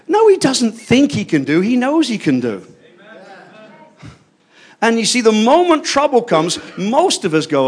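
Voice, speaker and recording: An older man preaching a fervent sermon, swinging between hushed asides and loud declarations. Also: sits high, very animated, normal speed.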